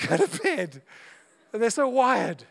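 A man's voice: very high-pitched, huge pitch swings, slow pace, gravelly, fairly bright tone. A man and father preaching a sermon to a congregation, chatty and humorous, often acting out little dialogues as he goes. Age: adult parent of young children.

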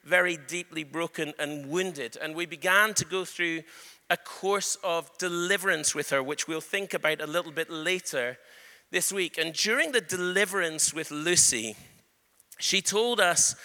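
A man preaching a sermon, telling an animated story and joking with his congregation. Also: fairly high pitch, unhurried. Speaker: pastor. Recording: echoey hall reverb.

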